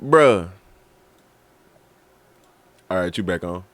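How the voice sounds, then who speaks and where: A man hosting a stream, talking casually in loud, slangy, animated trash talk. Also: sits low, drawn-out words, no room sound. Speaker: streamer host reacting to a video. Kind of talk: casual chat.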